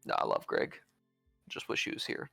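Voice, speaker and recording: A man's voice: moderate pace, bright, forceful tone, dry recording, soft background music. A man co-commentating a tabletop miniatures game in casual chat, making dry joking asides.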